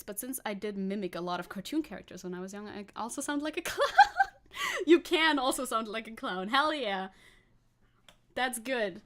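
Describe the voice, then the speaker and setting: A woman chatting on a live stream, rambling and scatterbrained, laughing often between thoughts. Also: a little high. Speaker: VTuber streamer. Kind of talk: casual live-stream chat.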